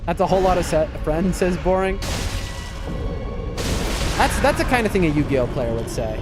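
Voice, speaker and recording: A man's voice: on the high side, a little fast, pauses often. An American man in his late twenties, a streamer chatting casually with his chat while he plays, rambling and talking back to viewers. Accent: American, shifting East Coast. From United States. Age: late 20s. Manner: chatty, rambling, answers chat mid-game. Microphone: headset. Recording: loud music behind.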